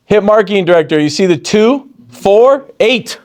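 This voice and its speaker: Excited high-voiced man giving a sales pep talk. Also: normal speed. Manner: energetic, swings high and excited, quotes others in a low voice. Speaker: sales training speaker. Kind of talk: motivational training talk.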